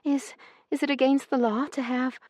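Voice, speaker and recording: A man voicing Io, an impulsive, sharp-tongued young woman who exclaims her words high and fast. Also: little pitch movement, no echo, clean studio sound. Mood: alarmed.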